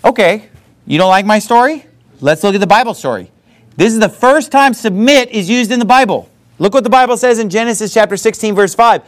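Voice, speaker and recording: Emphatic, high-pitched preaching man. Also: a little fast. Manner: emphatic, conversational preaching with repeated asides. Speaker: pastor. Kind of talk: sermon.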